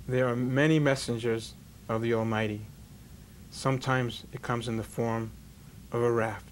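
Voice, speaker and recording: A man who is a rabbi leads a television talk show, speaking in a warm storytelling cadence at an everyday pitch. His delivery is sermon-like, with folksy jokes and parables. A faint hum of ambience sits under his voice. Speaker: rabbi hosting an interview show.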